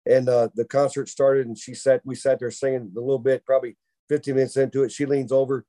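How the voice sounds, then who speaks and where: Male podcast host, mellow tone, animated storyteller who laughs along. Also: mid-range voice, fast talker. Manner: animated storyteller who laughs through his own tale. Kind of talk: casual storytelling chat.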